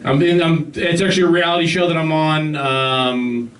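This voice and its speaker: Halting young man doing stand-up. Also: on the high side, noisy background. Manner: halting, full of ums, deadpan asides. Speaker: stand-up comedian. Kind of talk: stand-up set. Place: comedy club stage. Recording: distant mic with loud crowd.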